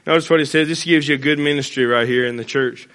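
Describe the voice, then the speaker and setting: A pastor preaching a sermon in church, blunt and folksy with joking asides. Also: male voice, on the high side, steady tone, fast, fairly bright tone.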